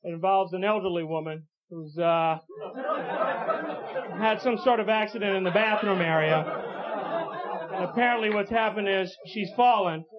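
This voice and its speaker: A male stand-up comedian tells his bits in an animated, high voice. The sound comes from a muffled old tape. Loud audience laughter and room noise fill the background. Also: moderate pace, long pauses, over a noisy crowd. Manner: animated, jumps into character voices. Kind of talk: stand-up routine. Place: comedy stage.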